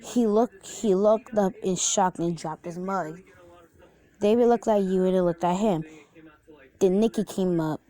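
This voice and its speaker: A woman's voice: mid-range voice, a little slow, dark tone. A young woman casually narrating a reader-insert fan story, unpolished and chatty, with asides to the listener.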